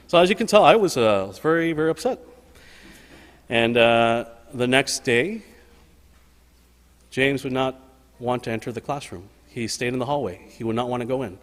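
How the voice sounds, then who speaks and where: A man's voice: medium pitch, animated, moderate pace. Earnest male pastor in echoing church. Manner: earnest, personal storytelling with emphatic repetition. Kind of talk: sermon. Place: church sanctuary. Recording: long hall reverb.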